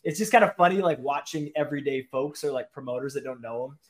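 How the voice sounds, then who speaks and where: A man as a podcast guest, telling animated anecdotes in casual chat and saying "like" often. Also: medium pitch, fast.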